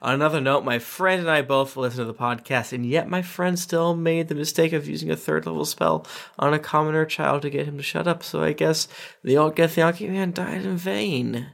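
A man's voice: on the high side, fairly quick, gravelly. Man reading listener reviews aloud. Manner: reads reviews aloud with playful emphasis. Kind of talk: casual podcast chat.

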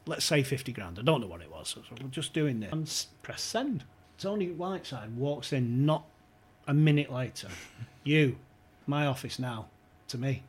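A man's voice: mid-range voice, moderate pace, few pauses, slightly rough. A man telling a funny football anecdote on a podcast, acting out the quotes and laughing often. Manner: animated storyteller, laughs often, acts out quotes. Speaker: podcast guest.

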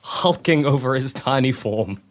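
A man playing a tabletop game in character, making slow, grandiose declarations. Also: mid-range voice, animated. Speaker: player.

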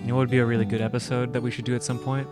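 A man co-hosting a podcast in casual chat, playful and quick to laugh. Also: medium pitch, level tone, loud music behind the voice. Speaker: podcast co-host.

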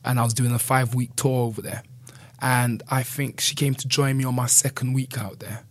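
Man, interview guest, earnest and candid, dry close recording, mid-pitched voice. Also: steady tone, brisk, no echo. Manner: earnest, candid, with frequent "you know". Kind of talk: reflective conversational interview.

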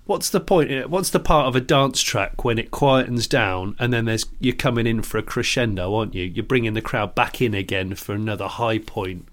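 A man's voice: medium pitch, moderate pace, hardly any pauses. A man, co-hosting a casual podcast chat, ranting and swearing freely. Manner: swears a lot, animated ranting. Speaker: podcast co-host.

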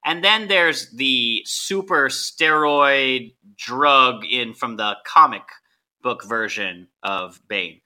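A man hosting a casual podcast chat, steering the talk from one topic to the next. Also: mid-range voice. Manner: animated, leads the topics.

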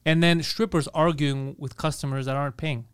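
High, clear-voiced man riffing jokes. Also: fairly even intonation, brisk. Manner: riffing observational comedy, playful. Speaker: podcast co-host. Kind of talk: casual comedic chat.

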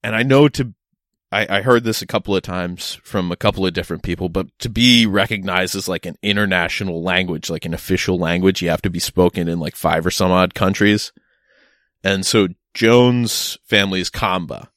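A young man swaps stories in relaxed podcast chat. His voice sits a little low, and the recording is dry and close. He rambles, stumbles over restarts and laughs easily. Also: moderate pace, no echo. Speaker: podcast co-host. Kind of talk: casual chat.

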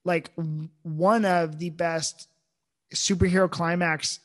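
A man in a casual chat about a film, excitable and gushing, often acting out quotes from scenes. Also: a little high, takes it slowly. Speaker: film discussion co-host.

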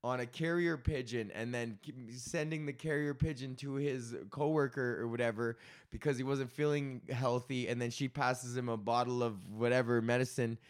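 A man's voice: mid-range voice, steady tone, moderate pace. A young man hosting his comedy podcast, ranting in a loose, rambling, profane way. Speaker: podcast host. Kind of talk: casual comedic rant.

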